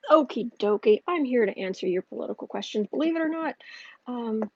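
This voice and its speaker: A woman's voice: fairly high pitch, expressive, brisk, warm tone, breathy edge, dry recording, lo-fi sound. A woman hosting a casual tarot livestream, rambling and chatty with frequent restarts. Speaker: astrology and tarot livestream host.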